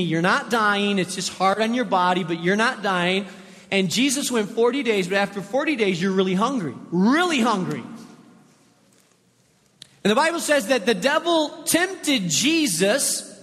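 High-voiced male pastor preaching. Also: a bit bright, long reverb tail. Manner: conversational, repeats for emphasis. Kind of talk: sermon. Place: church.

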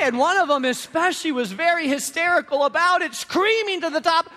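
Guy pastor preaching, bright forceful tone, long echo like a big church hall. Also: very high-pitched, brisk, few pauses. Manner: emphatic, repetitive preaching with storytelling. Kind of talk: sermon. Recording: long reverb of a large room.

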